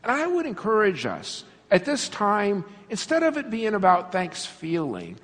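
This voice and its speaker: A man preaching in a church hall, his voice sitting high and swinging widely in pitch. He tells stories with lots of laughter and acts out the characters. The sound carries a long, lingering reverb from the big room. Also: a little slow. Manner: animated, laughing storyteller acting out scenes. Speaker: pastor. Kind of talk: sermon.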